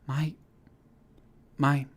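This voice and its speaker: Scratchy, trembling female ship AI, read by a man, raised and soft, halting. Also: mid-range voice, flat delivery, pitched above the performer's own voice. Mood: strained. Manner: halting, broken-up phrases. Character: damaged female ship AI, weak and strained. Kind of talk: storybook reading.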